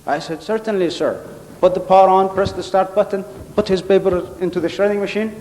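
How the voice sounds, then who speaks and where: A man's voice: high voice, steady tone, a little fast, a little mellow. A man giving a humorous contest speech on stage, telling stories and acting out the people in them. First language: Arabic. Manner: storytelling, acting out quoted characters. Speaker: contest speaker. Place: large hall on stage. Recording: hall with long reverb.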